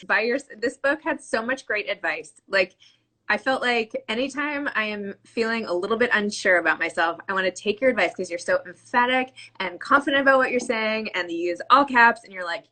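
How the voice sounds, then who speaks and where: A woman's voice: mid-range voice, normal speed, sharp tone. A woman in her forties hosting an interview from her desk over a video call, chatty and effusive, laughing often. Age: 40s. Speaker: podcast host. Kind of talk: casual interview chat. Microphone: home desk setup on a video call.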